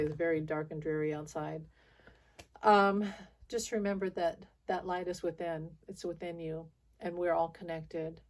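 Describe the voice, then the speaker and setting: A woman talks straight to her viewers in a loose monologue, circling back on herself with restarts and small laughs. She sounds frustrated, and her voice sits a little low for a woman. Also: darkish tone. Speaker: spiritual video channel host.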